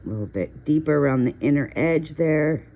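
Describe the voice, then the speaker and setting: A middle-aged woman with a low, warm, expressive voice hosts a coloring video at a moderate pace. It's casual tutorial chat as she colors, full of chatty storytelling and rambling asides.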